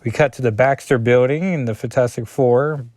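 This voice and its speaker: A man's voice: mid-range voice, moderate pace, darkish tone, dry recording. A man casually reading through a comic issue as a reviewer, rambling with chatty asides and self-deprecating remarks.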